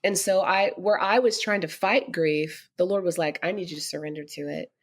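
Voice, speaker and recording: Woman guest, lower voice, earnest storytelling, middle-aged, lively quoting. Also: normal speed. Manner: earnest, animated when quoting others. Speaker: podcast guest. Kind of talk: personal storytelling in an interview.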